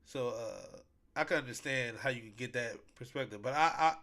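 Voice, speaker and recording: A man's voice: mid-range voice, normal speed, bright, forceful tone. Rambling slangy podcast host, man. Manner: rambling and repetitive, heavy slang and fillers. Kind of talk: casual solo podcast chat.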